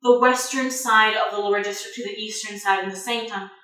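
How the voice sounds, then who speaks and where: A woman's voice: mid-range voice, fairly even intonation, fairly quick, bright, forceful tone. Woman GM, loose filler-heavy narration, far from the mic in a reverberant room. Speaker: game master. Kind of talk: narrating a tabletop game.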